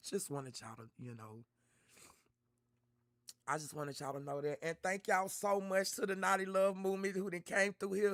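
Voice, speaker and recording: A woman's voice: mid-range voice, a bit bright, no echo. Candid woman livestream host, dry close sound. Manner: candid, slangy, heartfelt, talks straight to her chat. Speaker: livestream host reacting to content. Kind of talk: casual livestream chat.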